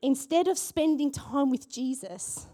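A woman pastor preaching a sermon in church, animated and asking the congregation questions. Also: sits high, measured pace.

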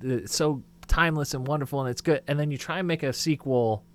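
A man co-hosting a podcast in casual chat, animated and bouncy, acting out little quotes as he talks. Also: mid-range voice, brisk. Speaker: podcast co-host.

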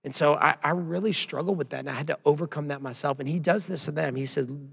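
A man's voice: a little high, lively intonation, normal speed, vocal fry, a bit bright, husky, big-room sound. A man preaching a sermon as a pastor, emphatic, with frequent rhetorical questions.

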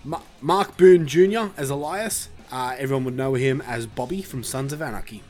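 Man, casual podcast host, halting and profane, faint music behind. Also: mid-range voice, darkish tone. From Australia. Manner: laid-back, swears, halting with fillers. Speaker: podcast host reviewing a film. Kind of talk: casual chat.

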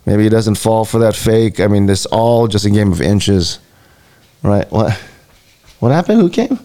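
A man's voice: fairly low pitch, expressive, a little slow, mellow. A man co-hosting a live podcast, chatting casually in a loose, rambling way with lots of fillers. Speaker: podcast co-host.

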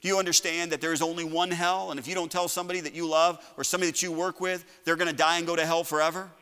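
Man preaching with a bright, ringing tone. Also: level tone, rapid-fire, smooth, long reverb tail. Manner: impassioned preaching, rising to shouts then dropping low. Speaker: pastor. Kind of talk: sermon.

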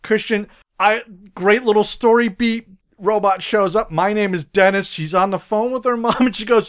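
A man's voice: high voice, normal speed, smooth. A man co-hosting a podcast, eagerly retelling film scenes in casual chat. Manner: animated, laughing retelling of scenes. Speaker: podcast co-host. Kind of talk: casual movie discussion.

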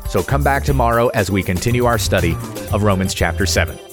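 A man, a pastor, giving a measured, methodical Bible study lesson. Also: on the low side, expressive, music in the background.

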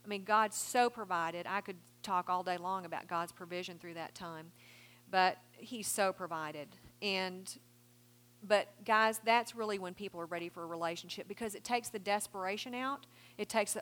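A woman's voice: mid-range voice, normal speed. A middle-aged woman giving a Christian counseling seminar talk, earnest, quoting scripture and taking questions. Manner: earnest, warm advice with quoted scripture.

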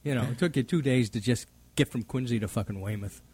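A man, a comedian guest trading crude jokes and deadpan one-liners in a radio studio. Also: medium pitch, fast, breathy edge. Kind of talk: casual crude banter.

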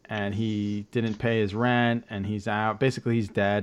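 A man's voice: on the low side, flat delivery, moderate pace, hardly any pauses, smooth. A man hosting a podcast, casually recapping with lots of fillers, restarts and joking asides. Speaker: podcast host. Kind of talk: casual chat.

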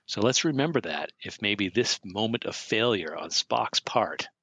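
A man talks through a movie in relaxed podcast chat, eager and full of theories. His voice sits very low, with a bright, husky edge. The sound is close and dry. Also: moderate pace, dry recording. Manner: enthusiastic, theorizing, laughs often. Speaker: podcast co-host. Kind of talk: casual film commentary chat.

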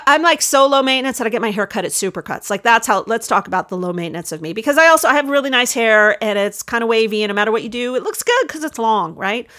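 A woman's voice: a little high, fairly bright tone. A middle-aged woman hosting a podcast, talking in a chatty, rambling, self-deprecating way with frequent restarts. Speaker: podcast host. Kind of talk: casual monologue.

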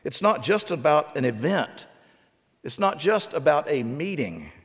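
A man's voice: fairly high pitch, very animated, a little slow, in a large hall. A middle-aged man preaching a sermon as a pastor, asking his congregation one rhetorical question after another.

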